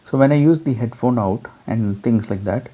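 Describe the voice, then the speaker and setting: A man explaining an audio mixer in a relaxed hands-on demo, with frequent fillers. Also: medium pitch, moderate pace. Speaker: gear reviewer.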